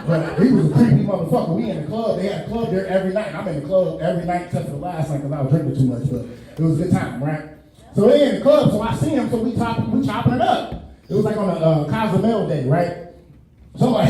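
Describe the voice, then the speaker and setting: A man's voice: sits high, animated, brisk. A man hosting a podcast, telling loose, profane comedic stories and laughing through them. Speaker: podcast host. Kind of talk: casual comedic storytelling. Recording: very echoey room, distant mic, crowd noise.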